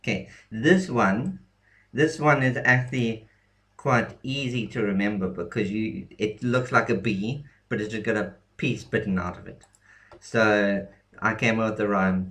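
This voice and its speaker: A man's voice: fairly low pitch, unhurried, fairly bright tone. A young man explaining an alphabet in a casual lesson, hesitant, with many ums and restarts. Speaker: language teacher.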